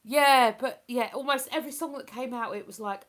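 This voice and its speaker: A woman's voice: sits high, animated, moderate pace, hardly any pauses, fairly bright tone. A woman chatting casually on a live stream, rambling and laughing as she reads out messages from her viewers. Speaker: live streamer reading chat.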